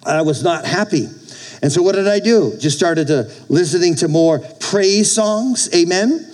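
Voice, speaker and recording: Exhorting male pastor, fairly high voice. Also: expressive, unhurried, darkish tone, rough recording. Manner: exhorting, with call-outs for amen. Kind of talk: sermon.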